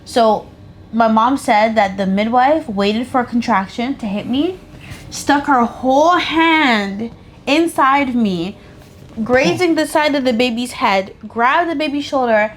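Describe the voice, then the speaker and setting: A woman's voice: on the high side, unhurried, slight background noise. A woman casually telling the story of giving birth, matter-of-fact and joining in with her partner. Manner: matter-of-fact, chiming in and laughing. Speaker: co-host of a couple's channel.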